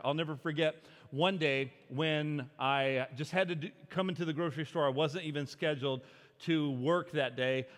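A male pastor with a fairly high voice tells a story from the pulpit in a loose, chatty way, full of fillers and self-deprecating asides. His voice carries a long reverb, as in a large church hall. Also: a bit bright. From Arkansas, US. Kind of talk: sermon with a personal story.

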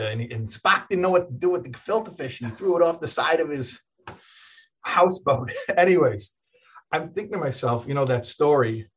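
A man's voice: medium pitch, slightly rough, highs cut off. A man, a rabbi, talking casually in a conversation, telling stories in a rambling way with many restarts and laughs.

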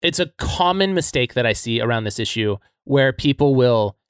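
A man in casual podcast conversation, thinking aloud with halting restarts and "like" fillers. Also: medium pitch, expressive, clear, resonant tone, no room sound, studio quality. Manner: thoughtful, halting, many "like" fillers.

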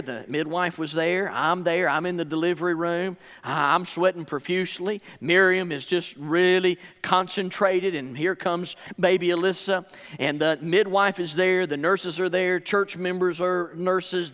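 High-voiced preacher in a reverberant hall. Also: male voice. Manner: swings from quiet teaching to loud, excited preaching. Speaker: pastor. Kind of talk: sermon. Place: church sanctuary. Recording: long reverb of a large hall.

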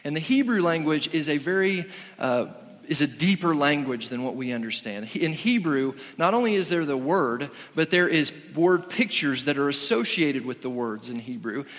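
A man's voice: a little high, lively intonation, moderate pace, a bit bright, big-room sound. A man preaching a sermon in an earnest, conversational way, often restarting his sentences. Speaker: pastor.

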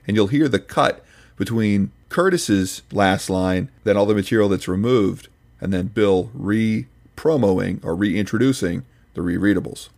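A man's voice: fairly low pitch, unhurried, creaky, a little mellow. A man hosting a podcast, reading scripted commentary in a dry, mock-serious, pedantic manner. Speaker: podcast host reviewing another podcast.

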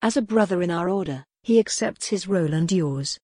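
A woman reading an audiobook voices a calm, impassive male psychiatrist who guards a captive, speaking flatly and curtly. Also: on the low side, brisk, no echo, studio quality.

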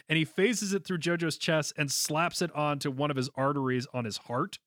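A giggly, animated man chats about a show in a high voice. He recaps eagerly and laughs often. The sound is close and very dry. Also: moderate pace, no echo. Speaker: podcast co-host. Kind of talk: casual chat recapping a show.

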